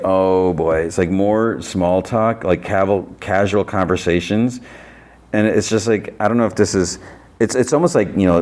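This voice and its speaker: A man's voice: low voice, darkish tone. A man casually recapping a TV episode on his podcast, rambling with fillers and chuckles. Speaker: podcast host.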